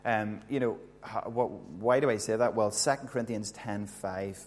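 This preacher's voice is fairly low with a darkish tone and a moderate pace, and a faint hiss or hum runs underneath. Delivering a sermon in a church hall with a screen, he talks in a conversational way and questions his audience.

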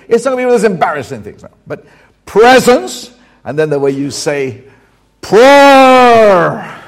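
A man preaching with a fairly high voice that swoops up and down a lot. He's animated and playful, joking with the crowd and coaxing them to chant key words back. It's an upbeat sermon to a live audience. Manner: animated, jokey, coaxes the crowd to repeat words.

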